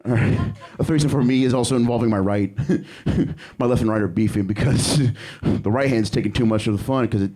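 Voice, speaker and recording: A man's voice: medium pitch, fairly quick, hardly any pauses, mellow. A young man doing a crude, rambling stand-up set on a comedy club stage, breaking off to laugh at himself. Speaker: stand-up comic.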